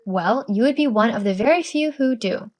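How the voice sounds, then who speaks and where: A woman's voice: a little high, steady tone, brisk, lightly acted. A woman voicing a tired young new mother who answers with dry sarcasm in a scripted story.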